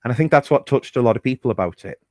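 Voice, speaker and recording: A man's voice: mid-range voice, expressive, rapid-fire, a little mellow, dry recording. A man telling a personal story on a podcast, chatty and candid, with fillers and the odd swear word. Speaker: podcast host.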